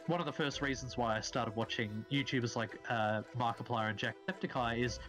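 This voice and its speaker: A man's voice: medium pitch, steady tone, a little fast, fairly bright tone, faint music behind. A man joining a stream by voice chat, rambling in a playful, casual way. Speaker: stream guest.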